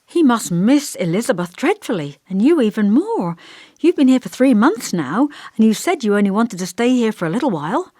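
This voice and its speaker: A woman's voice: fairly high pitch, very animated, normal speed, warm tone, dry recording, clean studio sound, voice pushed up. A woman reading the part of an earnest young woman in an audiobook, speaking tentatively and coaxingly.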